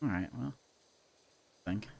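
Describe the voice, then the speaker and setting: A man hosting a livestream, chatting casually and telling a story in an animated way with lots of laughs. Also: lowish voice, a little slow, vocal fry, slightly rough. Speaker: livestream host. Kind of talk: casual chat on a gaming stream.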